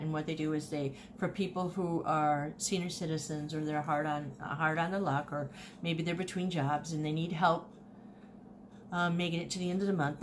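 A woman with a low-sitting voice chats casually and animatedly about her thrift finds, with slight background noise. An online reseller making a haul video, she often repeats herself while telling a story.

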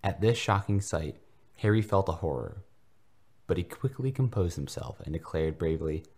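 A man's voice: sits low, normal speed, a little mellow. A man hosting a podcast, reading fanfiction aloud as mock-earnest comedic narration.

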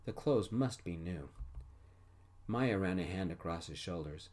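A man gently narrating a first-person story in a soft-spoken ASMR style. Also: deep voice, animated, measured pace.

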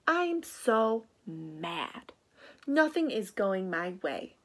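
A woman voicing an angry little squirrel in a children's storybook, speaking in a drawn-out, sulky way. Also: medium pitch, very animated, full character voice. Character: grumpy little squirrel, mad.

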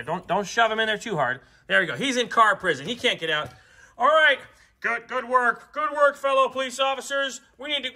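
A woman playing with toy cars alongside a child, narrating the action in an animated way with sound effects. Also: sits high. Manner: animated, makes sound effects and voices for toys. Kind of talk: playful toy play narration.

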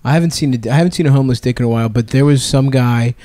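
A young man telling a crude anecdote in casual podcast banter, full of swearing and blunt asides. He speaks at an average pitch. The mic is close and the sound completely dry. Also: racing, mellow, no room sound. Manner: profane, blunt storytelling with laughs mid-sentence. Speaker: podcast co-host. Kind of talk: casual comedic chat.

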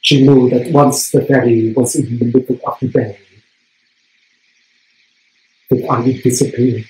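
A man playing a proud, determined Polish actress, telling her story slowly on stage in a Polish accent. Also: medium pitch, steady tone, warm tone, close to an everyday voice. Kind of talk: one-man stage monologue. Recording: roomy theatre stage sound.

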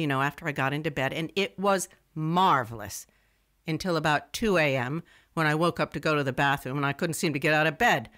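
A wry young radio writer. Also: female voice, deep voice, fairly bright tone. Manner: wry, digressive storytelling. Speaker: first-person narrator. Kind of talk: scripted first-person narration.

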